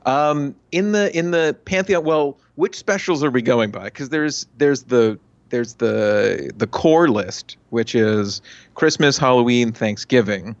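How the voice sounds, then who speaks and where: A man guest on a podcast, telling stories in a casual, animated, rambling way. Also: medium pitch, slow pace, no echo. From United States. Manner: animated storyteller, rambling asides. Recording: dry, dull lo-fi mic.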